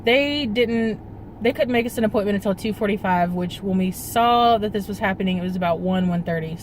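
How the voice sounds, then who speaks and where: A woman's voice: mid-range voice, brisk, a little hiss or hum, low-quality recording. Young woman vlogger, rambling and tearful. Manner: rambling, full of fillers, fighting back tears. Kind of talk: casual personal vlog storytelling. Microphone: phone camera.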